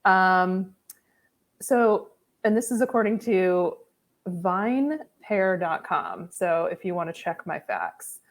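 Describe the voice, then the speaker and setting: A woman's voice: lowish voice, very animated, slow pace. Chatty giggly young woman. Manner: chatty, giggly, shares trivia. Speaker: guest co-host. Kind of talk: casual podcast chat.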